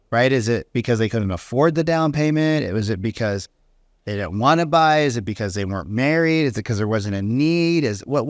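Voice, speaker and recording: A middle-aged man, a real estate coach, talking in an animated podcast monologue and acting out the people he quotes. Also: mid-range voice, no echo, studio quality. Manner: animated storytelling, acts out quoted voices.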